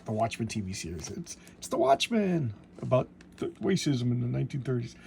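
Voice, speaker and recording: A man casually reviewing a comic book in a home vlog, rambling and excitable, with many restarts and fillers. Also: medium pitch, a little fast, vocal fry, husky.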